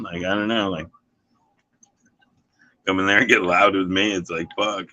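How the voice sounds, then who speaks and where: A man with a very deep voice that still cuts through with a sharp, forceful brightness. He chats casually, rambling with constant "you know" and "like" and plenty of swearing. He sounds like an everyday worker talking things over. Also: steady tone, normal speed, lo-fi sound. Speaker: dishwasher. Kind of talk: casual chat.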